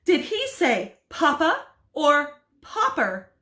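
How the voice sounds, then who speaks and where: A woman reads aloud as a fussy, practical housewife from a storybook, scolding and exclaiming in a high, lively voice. The reading bounces around an echoey room. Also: normal speed.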